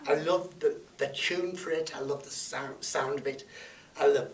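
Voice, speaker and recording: A man's voice: on the high side, fairly even intonation, normal speed. A man gives a chatty, rambling homily about his life in church, with chuckling asides. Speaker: lay homily speaker. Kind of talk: personal testimony in church. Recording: echoey church, from far off, faint noise.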